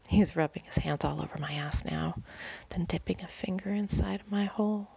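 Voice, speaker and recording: A woman with a breathy, husky whisper, narrating a first-person story as whispered role-play. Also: fairly low pitch, a little fast, dark tone, dull audio.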